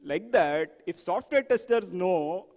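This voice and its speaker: Speaking slowly in a high voice, a man presents an animated software testing talk in a large hall. He asks the audience questions and acts out examples along the way.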